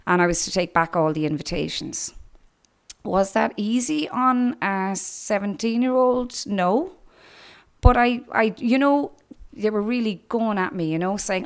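A woman's voice: mid-range voice, animated, moderate pace. A woman with an Irish accent giving her church testimony, telling her story with laughter and acting out the voices of others.

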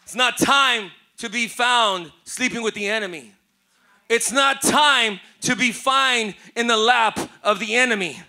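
A middle-aged man with a Southern Californian accent preaching a sermon as pastor, building to shouted emphasis with repeated phrases. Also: very high voice. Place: church sanctuary.

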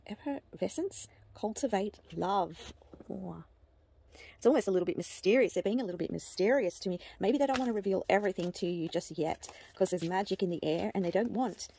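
A woman giving an oracle card reading to camera, gushing and excitable, with frequent halting restarts and delighted exclamations. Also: mid-range voice. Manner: halting restarts and repeated words. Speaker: psychic card reader.

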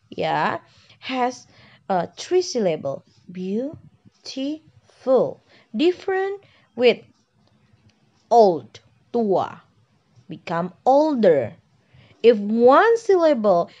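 Woman, Indonesian accent, unhurried teacher, repeats points and checks in often, dull lo-fi recording. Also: mid-range voice. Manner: patient, repetitive explaining with frequent "okay" and "yeah" checks. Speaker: English teacher. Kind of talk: classroom grammar lesson.

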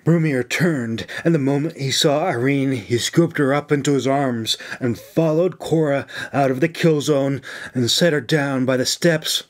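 A man narrating his own fantasy novel in a slow, dramatic reading. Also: mid-range voice. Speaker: author and audiobook narrator. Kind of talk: scripted audiobook narration. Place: home sound closet lined with blankets.

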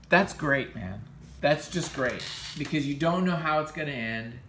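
A man's voice: fairly high pitch, lively intonation, a little slow, fairly bright tone, slightly rough. A man hosting a comics show, casually retelling a comic book story in a rambling, enthusiastic way with frequent restarts.

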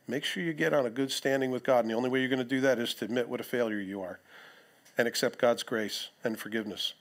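A man preaching a sermon in church, reading scripture aloud with lively emphasis and casual asides. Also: mid-range voice. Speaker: pastor.

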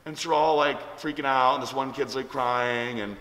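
A man's voice: mid-range voice, fairly even intonation, normal speed, fairly bright tone. A man hosting a vlog, telling a story casually and rambling with many fillers. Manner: rambling, lots of likes and ums. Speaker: vlog host. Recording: echoey room with long reverb.

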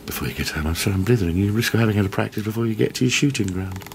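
A man's voice: on the low side, racing, creaky, darkish tone, a little hiss or hum. A man presenting a rambling, enthusiastic walk-around tour of a shop. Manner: enthusiastic, rambling, self-deprecating. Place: indoor shop.

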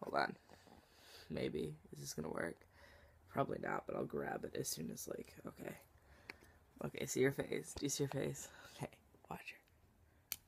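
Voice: rumbling low, huge pitch swings, normal speed, creaky, long pauses, slight background noise. A vlogger chatting casually at home into a handheld phone, rambling, giggling and often dropping to a whisper.

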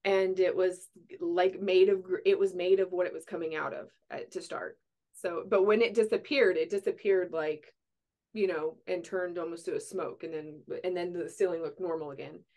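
A woman hosting a casual podcast, with a lower voice than most women. She rambles through her thoughts and leans on "like" and "um" as she goes. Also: steady tone, moderate pace, a little mellow. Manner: chatty, rambling, many likes. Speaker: podcast host. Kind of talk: casual chat.

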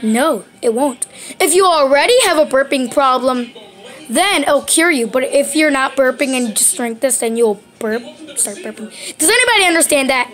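A woman's voice: high voice, expressive, moderate pace, a bit bright. A woman voicing plush toys in an improvised puppet skit, hesitant with many ums and restarts. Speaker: plush toy video maker.

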